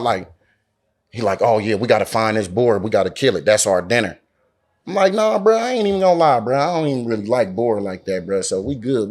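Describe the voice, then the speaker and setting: Man telling a story in Bay slang. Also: mid-range voice. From Oakland, California. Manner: animated, acts out quoted dialogue, heavy slang and swearing. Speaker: interview guest. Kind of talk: casual storytelling. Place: lounge in a Las Vegas resort.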